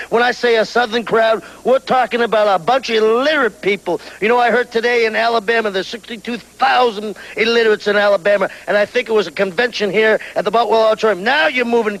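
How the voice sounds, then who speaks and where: A man's voice: high-pitched, a bit bright, rough recording. A man talking over match footage as a wrestling manager, coaching and scornful.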